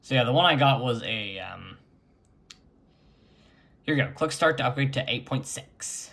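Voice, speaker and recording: A man's voice: medium pitch, lively intonation, vocal fry, fairly bright tone. A man chatting casually as he records his screen and talks through an old computer setup. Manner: unhurried, chatty, mutters while clicking. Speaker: retro computing vlogger.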